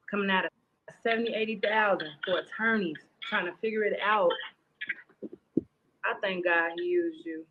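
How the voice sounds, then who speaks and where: A mother speaks over a phone or video call, her words full of gratitude and emotion. The call audio is dull and lo-fi. A clear hiss runs underneath her voice. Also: mid-range voice. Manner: grateful, emotional. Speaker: guest, mother.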